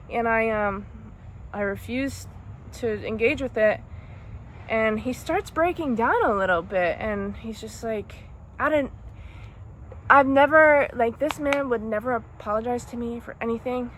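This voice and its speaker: Young woman vlogger, higher voice, soft-spoken and halting storytime delivery. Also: slight background noise. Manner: halting, emotional, soft-spoken with many restarts. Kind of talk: storytime monologue.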